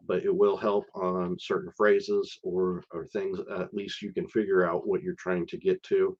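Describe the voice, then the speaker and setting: Middle-aged man, low voice, halting casual live stream chat, full of "uh"s, lo-fi audio. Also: darkish tone. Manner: hesitant, many fillers and restarts. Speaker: live stream host sharing visa experience.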